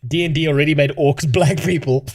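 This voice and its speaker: A man's voice: a little high, fairly even intonation, a little fast. A man ranting casually as a gaming streamer, swearing, mocking and laughing often. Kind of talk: casual commentary rant.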